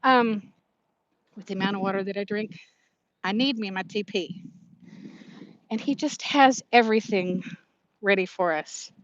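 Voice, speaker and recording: A woman's voice: mid-range voice, unhurried, long pauses, no echo, dull audio. A woman in her fifties chatting casually on a live stream from her phone while she walks outdoors, reading out viewer comments and laughing often. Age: 50s. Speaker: vlogger. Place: outdoors, walking to her car.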